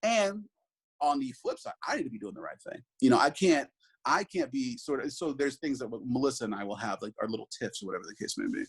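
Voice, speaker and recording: Man, 30s, husky voice, quick pace, earnest, reflective, interview chat. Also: mid-range voice, animated, rough recording. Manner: earnest, reflective, many restarts and "right?". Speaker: interviewee, father. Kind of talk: conversational interview.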